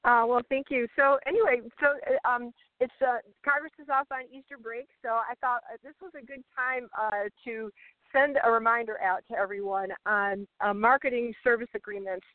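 A woman's voice: on the high side, steady tone, normal speed, no room sound. A woman calling in from a car by the roadside, explaining rules with frequent fillers and restarts. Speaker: regular guest on mortgage industry show. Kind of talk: casual update by phone. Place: car pulled over by a rural road. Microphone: cell phone. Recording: tinny phone line.

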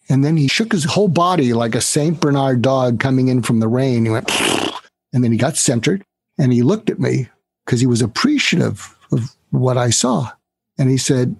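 Older guy telling a story on an interview, husky voice, acts out the people in it, dry close sound. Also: medium pitch, animated, normal speed, no room sound. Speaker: guest, author.

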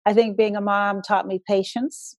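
An older woman, a guest in an interview, speaking in a measured, storytelling way. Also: mid-range voice, level tone, no room sound. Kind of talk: conversational interview.

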